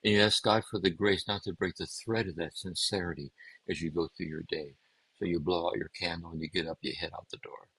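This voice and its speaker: A man speaking as a guest, giving a gentle, meditative talk on contemplative prayer and often circling back to repeat his phrases. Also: low voice, fairly even intonation, fairly quick, breathy edge, no room sound, rough recording. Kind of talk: reflective spiritual teaching.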